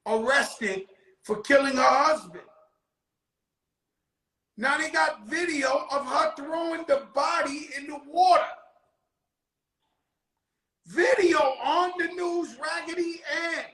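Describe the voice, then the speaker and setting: A man telling a profane anecdote in an animated way, with bursts of shouting. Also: very high voice, echoey room, rough recording. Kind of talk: storytelling anecdote.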